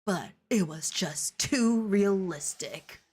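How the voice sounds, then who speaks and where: A woman's voice: medium pitch, expressive, slow, a little mellow, a little hiss or hum. A woman doing a preachy old wizard reverend. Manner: self-righteous, preachy. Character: old male headmaster turned preachy reverend.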